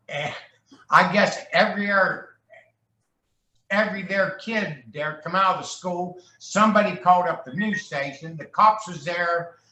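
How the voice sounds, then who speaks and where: A man's voice: sits high, sharp tone. A man telling rambling, jokey stories as a guest, slipping into voices when he quotes people. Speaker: guest, charity ride founder. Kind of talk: casual storytelling chat. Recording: echoey room.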